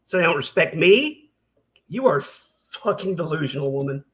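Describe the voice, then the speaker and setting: A man's voice: a little high, sing-song, moderate pace. A man hosting a reaction commentary, ranting in a heated, sarcastic and profane way. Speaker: commentary channel host.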